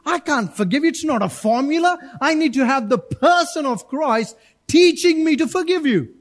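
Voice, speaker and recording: Pastor guy preaching in church, really high voice, lively, acts out bits. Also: normal speed. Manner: animated preaching with acted-out voices. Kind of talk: sermon.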